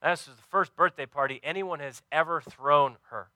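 Earnest storytelling preacher, bright crisp voice. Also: male voice, a little high, moderate pace, no room sound. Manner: earnest storytelling with many fillers. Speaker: pastor. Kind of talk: sermon.

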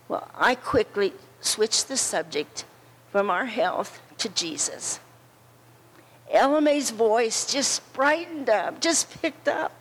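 Slow, earnest woman sharing a memorial testimony. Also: a little high, fairly bright tone, rough recording. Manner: earnest, slow and repetitive storytelling. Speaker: friend giving a tribute. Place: memorial service.

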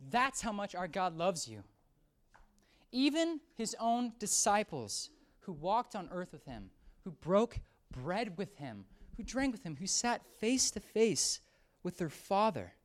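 Animated, dynamic young-sounding preacher. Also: mid-range voice, takes it slowly. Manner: lively, swings from hushed to excited outbursts, acts out quoted voices. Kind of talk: sermon.

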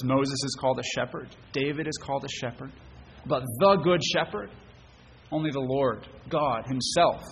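A male pastor delivers a sermon in an earnest voice of middling pitch, often restarting phrases and putting rhetorical questions to his congregation. His voice carries a long reverb through the church, with a faint hiss of background noise underneath. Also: creaky. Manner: earnest, repeats words while rephrasing, asks rhetorical questions. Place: church sanctuary.

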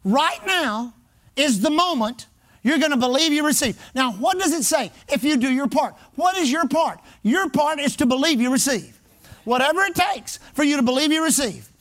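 High-pitched, emphatic preaching man. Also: animated, moderate pace, a bit bright. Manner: emphatic, repetitive preaching cadence. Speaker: pastor. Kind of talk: sermon.

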